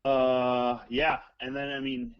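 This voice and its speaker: A man's voice: medium pitch, level tone, takes it slowly, clean tone, dry recording. A man calling in to a talk show, rambling and joking crudely. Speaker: caller guest. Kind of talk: casual phone chat. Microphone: phone line. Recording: dull lo-fi phone line.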